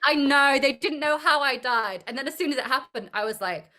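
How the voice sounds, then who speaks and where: This is a young woman, an actor interviewed as a guest. She talks casually and tells her stories with animated energy, laughing often as she goes. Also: sits high, fairly quick.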